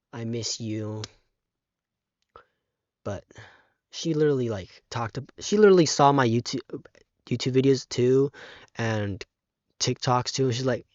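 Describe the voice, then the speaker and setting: A teenage boy vlogs casually in a fairly low voice, speaking haltingly and close to tears with lots of fillers and restarts. His microphone sounds dull and muffled, though there's no echo.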